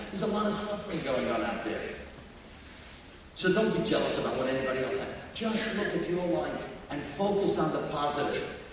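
Man preaching in an echoey hall. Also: fairly high pitch. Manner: animated, drops to near whisper at emotional points. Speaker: speaker at a religious talk. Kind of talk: storytelling sermon. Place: large hall with audience. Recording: echoey hall from far off, faint noise.

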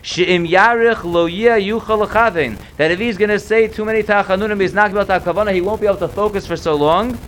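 High-voiced man teaching a text class. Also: fairly even intonation, slight background noise. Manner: reads Hebrew passages slowly, then explains in English; thinks aloud with repeated words when unsure. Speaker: Torah teacher.

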